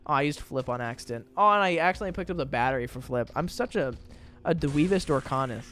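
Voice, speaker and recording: A man's voice: fairly high pitch, lively intonation, quick pace, fairly bright tone, a little hiss or hum. A young man giving casual, rambling commentary while playing a video game, chatty and full of exaggerated indignation. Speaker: gaming video creator.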